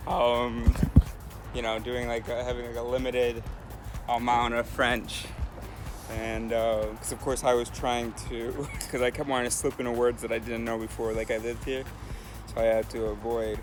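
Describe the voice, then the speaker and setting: A man talking casually to camera as a hitchhiking vlogger, rambling and thinking aloud with many pauses. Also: mid-range voice, flat delivery, music in the background. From United States. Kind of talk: casual vlog talk to camera.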